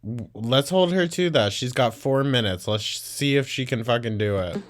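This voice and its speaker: A man at an average pitch hosts a commentary podcast, talking back to a clip. He is blunt and sarcastic, swears freely and breaks into laughter often. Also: lively intonation, normal speed. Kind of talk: mocking reaction commentary.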